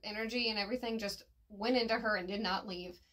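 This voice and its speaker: A woman's voice: medium pitch, fairly even intonation, fast, a bit bright. A woman giving a casual, slangy spoken review, with fillers and a laugh at her slips. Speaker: manga reviewer.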